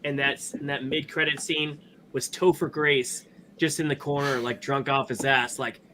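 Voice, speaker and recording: A man co-hosting a podcast, chatting casually about films in an animated, rambling way with many restarts. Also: mid-range voice, moderate pace, noisy background. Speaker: podcast co-host. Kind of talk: casual movie review chat.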